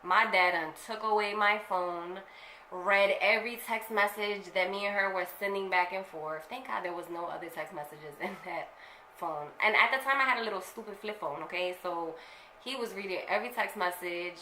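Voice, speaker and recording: A young woman with a bright, forceful voice tells a personal story straight to her viewers. She talks candidly in slang and swears freely. The room is echoey and there is a faint hiss. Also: medium pitch, moderate pace. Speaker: vlogger. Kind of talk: casual storytelling to camera.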